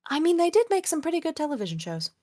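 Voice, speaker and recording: A woman chatting casually with a friend during a voice roleplay, easygoing and quick to laugh. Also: high-pitched, big pitch swings, dark tone, no room sound, clean studio sound. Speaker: roleplay partner.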